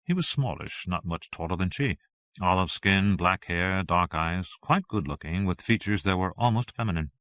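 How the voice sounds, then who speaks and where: A man reads an audiobook aloud in a steady, even-toned way. His voice sits low, and the sound is dry and close, with no room around it. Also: moderate pace, dry recording. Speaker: audiobook narrator. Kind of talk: audiobook reading.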